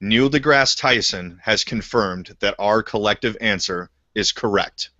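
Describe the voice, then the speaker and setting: A man's voice: lowish voice, measured pace, sharp tone, no echo. A man hosting a casual podcast, laid-back and laughing, cursing freely in his stories. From Canada. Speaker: podcast host. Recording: muffled, lo-fi podcast audio.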